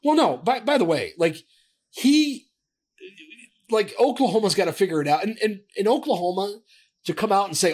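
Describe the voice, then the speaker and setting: Husky-voiced man in casual sports chat. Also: high voice, moderate pace, long pauses. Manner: animated, profane, trails off and restarts. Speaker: sports podcast co-host.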